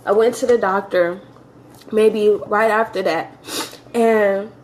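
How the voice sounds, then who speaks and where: A woman's voice: mid-range voice, steady tone, slow pace, a little mellow, slight background noise. A woman telling her personal faith testimony in an earnest, emotional way, often repeating phrases for emphasis.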